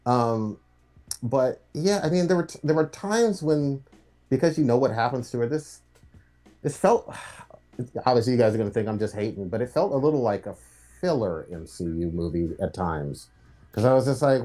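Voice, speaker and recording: A man co-hosting a livestream talk show in a casual, unscripted way. He is blunt and critical, with plenty of swearing, and talks at a middle pitch. Faint music plays underneath. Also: lively intonation, moderate pace, mellow. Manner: blunt, profane, critical rants. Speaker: podcast co-host.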